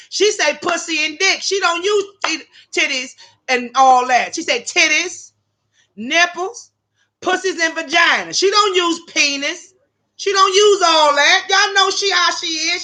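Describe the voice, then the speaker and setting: A brash, foul-mouthed woman with a high, bright, edgy voice. She tells stories casually and straight to her livestream viewers, calling them "y'all". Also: a little slow. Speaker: livestream host. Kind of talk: casual storytelling to live chat viewers.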